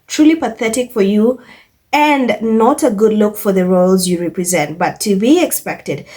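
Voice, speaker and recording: A woman's voice: mid-range voice, darkish tone. A woman hosting a commentary channel, reading out social media comments and reacting to them with scorn and laughter.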